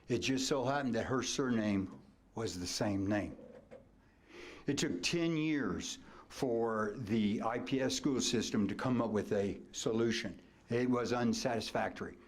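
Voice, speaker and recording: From the podium of a banquet hall ceremony, a man in his sixties with a Midwestern accent, a coach, gives his acceptance speech for a storytelling hall of fame. His voice sits on the low side, sinking into whispers and erupting into loud bursts.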